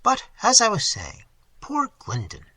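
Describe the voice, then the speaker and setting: A man's voice: high voice, huge pitch swings, measured pace, bright, forceful tone, husky, no echo, voice pushed up, heavily acted. A man reading the part of a staid, comfortable middle-aged husband who talks earnestly and a little peevishly.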